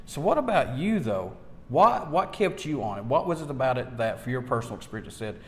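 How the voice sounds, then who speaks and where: A man who interviews a guest about ghost hunting, speaking in an excitable way and often repeating his words. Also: mid-range voice, a little fast. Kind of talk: casual interview chat. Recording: room with long reverb.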